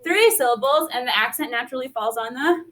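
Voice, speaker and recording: A woman's voice: high-pitched, fast talker, noisy background. A woman teaching a Spanish class, upbeat, quizzing students and sprinkling Spanish words into her talk.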